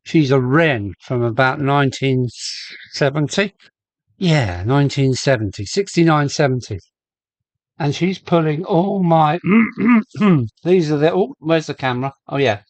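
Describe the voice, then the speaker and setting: A man's voice: a little high, lively intonation, measured pace, no echo. A man hosting a live stream from his loft, chatting casually and greeting viewers by name as he goes. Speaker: host of a model railway live stream. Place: home loft with a model railway layout.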